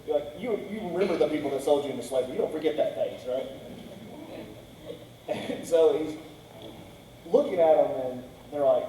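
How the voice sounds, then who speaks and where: A man's voice: a little high, moderate pace, long pauses, dark tone, slight background noise. A man preaching a casual sermon, retelling a story conversationally and acting out the characters' lines. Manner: conversational, acts out characters' quotes with "he's like". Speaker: pastor. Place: church sanctuary. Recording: echoey church hall, distant mic.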